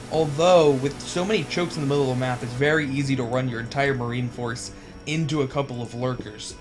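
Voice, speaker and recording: A man's voice: mid-range voice, low-quality recording. A young man commentating a strategy game match casually, laughing easily and joking at his own expense. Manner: laughs easily, self-deprecating. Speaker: esports caster.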